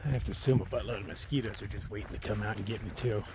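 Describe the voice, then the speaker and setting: A man's voice: lowish voice, very fast. A man on a solo long-distance hike, narrating casually as he walks and chatting playfully to himself and the animals around him. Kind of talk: casual vlog narration while walking. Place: outdoors on a wet trail in open country. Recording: noisy outdoor recording.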